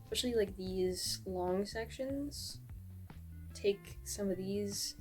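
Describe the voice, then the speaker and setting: A woman talks through her craft project in a loose, rambling vlog style, cursing now and then. She sounds a little out of breath, and her voice sits at an ordinary middle pitch. Soft music plays faintly behind her. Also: slow pace. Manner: rambling, self-deprecating, swears casually. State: often out of breath. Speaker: vlogger. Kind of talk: casual vlog chat. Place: at home crafting, later outdoors on a walk.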